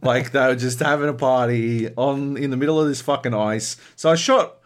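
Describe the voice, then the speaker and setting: A man co-hosting a casual gaming podcast, telling profane, animated stories about multiplayer sessions. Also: mid-range voice, moderate pace. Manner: profane, animated storytelling with lively put-on voices. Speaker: podcast co-host.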